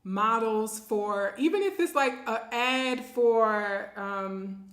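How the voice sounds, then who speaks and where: A woman hosts a relaxed live stream. She reads viewer comments aloud and laughs often, and her voice sits fairly high. The room around her is noticeably echoey. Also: takes it slowly. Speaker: livestream host. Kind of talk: casual live-stream chat.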